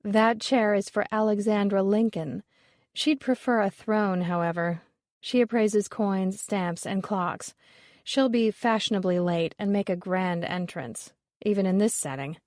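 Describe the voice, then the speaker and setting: A woman reading the part of a dismissive, sharp-tongued woman appraiser, with a wry, offhand delivery. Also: medium pitch, a little slow, no room sound, clean studio sound, lightly acted.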